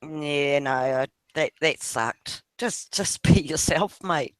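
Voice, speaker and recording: A man's voice: a little high, takes it slowly, dry recording. A man with a New Zealand accent chatting casually with a friend on a video call, laughing often and swearing offhandedly while talking about his kids. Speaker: father. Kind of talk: casual chat on an online video hangout.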